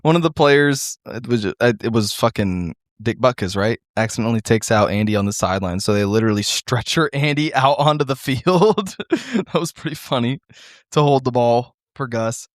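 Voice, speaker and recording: A man's voice: mid-range voice, moderate pace, no echo, studio quality. A man from the Midwest co-hosting a casual podcast, laid-back, laughing often and swearing freely. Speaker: podcast co-host. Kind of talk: casual chat.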